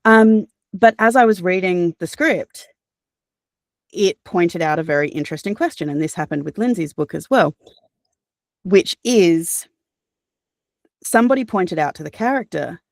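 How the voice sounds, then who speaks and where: An Australian woman, a voice actor and audiobook narrator, answering interview questions in a chatty, animated way with fillers and restarts. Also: lowish voice, measured pace, pauses often, no room sound, clean studio sound.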